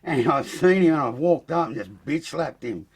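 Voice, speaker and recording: A man with an Australian accent, a podcast guest telling an animated story full of swearing and acted-out quotes. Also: fairly high pitch, moderate pace, a crowd in the background. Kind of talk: casual storytelling.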